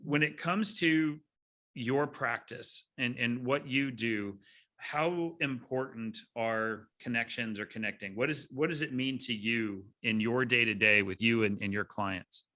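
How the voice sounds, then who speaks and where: Bright, upbeat male podcast host. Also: mid-range voice, a little slow. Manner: upbeat, chatty, lively delivery. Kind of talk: casual podcast interview.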